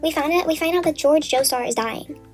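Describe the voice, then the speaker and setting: A woman's voice: sits high, a little fast, faint music behind. A young woman vlogger casually retelling a story from memory while getting ready, rambling, swearing a lot and saying "like" constantly.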